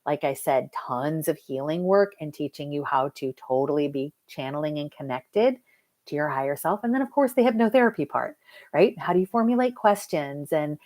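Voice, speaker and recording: A woman hypnotherapist chatting casually to viewers on a live stream, lively and talking straight to her audience. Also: low-pitched, moderate pace. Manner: chatty and lively, addresses viewers as "you guys". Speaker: hypnotherapist and mentor.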